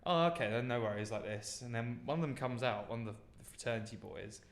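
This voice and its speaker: A man's voice: medium pitch, quick pace. A young British man co-hosting a podcast, telling stories casually with lots of "like" and fillers. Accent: British English. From Britain. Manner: rambling storyteller with many fillers. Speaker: podcast co-host. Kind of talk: casual chat. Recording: roomy echo.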